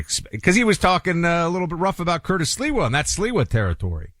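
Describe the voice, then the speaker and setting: A man hosting a political talk show, delivering commentary in a halting way, full of restarts and uhs, with pitch that jumps up for emphasis. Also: big pitch swings, a bit bright, no echo, studio quality. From New York City. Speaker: radio talk show host.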